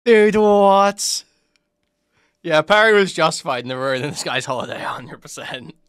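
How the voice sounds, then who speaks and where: Male commentary host, casual reaction style, bright tense voice, dry close sound, incredulous and mocking. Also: a little high, lively intonation, a little slow, clear, resonant tone, no echo.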